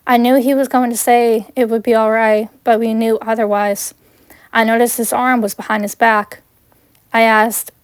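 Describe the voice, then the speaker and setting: A woman reading her own fan fiction aloud in first person, plain and earnest. Her voice sits a bit high. The sound is dry and close, with no room echo. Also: little pitch movement, moderate pace, smooth.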